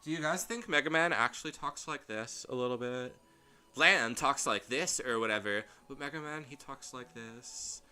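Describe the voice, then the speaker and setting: Bright, rambling male game streamer. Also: mid-range voice, normal speed, clear, resonant tone. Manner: rambling, animated, chatty. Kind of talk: casual gameplay commentary.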